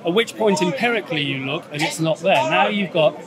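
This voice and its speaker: A man's voice: a little high, lively intonation, a little fast. A middle-aged man in a street debate, explaining step by step and checking for agreement with "yeah?", speaking into a handheld mic outdoors. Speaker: agnostic debater. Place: outdoors in a public urban space. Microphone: handheld microphone held out by a crew member. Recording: street recording with loud crowd behind.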